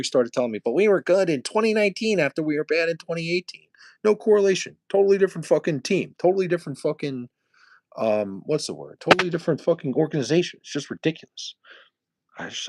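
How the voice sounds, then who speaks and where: A man's voice: mid-range voice, a little mellow, no echo, studio quality. A young man from New City, streaming live and trash-talking viewers in profane, mocking chat. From New York City.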